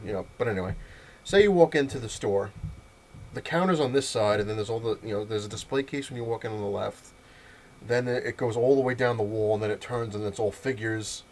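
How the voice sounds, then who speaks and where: A man's voice: lowish voice, slight background noise. Rambling man telling a story. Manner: rambling, full of fillers and restarts; laughs often while telling the story. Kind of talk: casual storytelling vlog.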